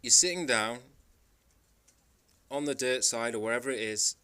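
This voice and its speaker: A man's voice: mid-range voice, normal speed, sharp tone, clean tone. A man from the Isle of Man telling travel stories in a rambling, emphatic monologue. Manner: rambling, emphatic storytelling with frequent restarts. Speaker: travel vlogger. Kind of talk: casual monologue.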